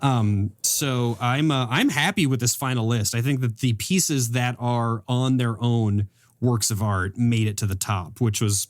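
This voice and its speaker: A man chats eagerly and at length as a podcast guest. His voice sits at an ordinary middle pitch and sounds dry and close, with no room around it. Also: measured pace, dry recording. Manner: rambling, eager promo talk. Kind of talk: casual podcast chat.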